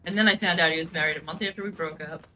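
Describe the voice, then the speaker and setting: A woman's voice: deep voice, steady tone, racing, pushed and bright, low-quality recording. A young woman telling a personal story in casual chat, blunt and profane, with lots of "like". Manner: blunt, profane, fills speech with "like". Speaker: gaming streamer.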